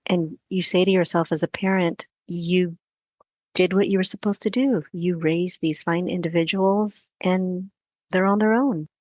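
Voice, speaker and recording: A woman's voice: lowish voice, steady tone, a little slow, a little mellow, dry recording. Reflective middle-aged woman co-host. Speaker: podcast co-host. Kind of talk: casual chat.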